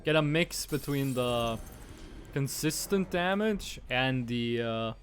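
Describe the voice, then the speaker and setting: A man's voice: mid-range voice, expressive, slow pace, slight background noise. A man from Estonia, streaming a game and playfully musing aloud over how words are pronounced. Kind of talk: casual live-stream gaming commentary.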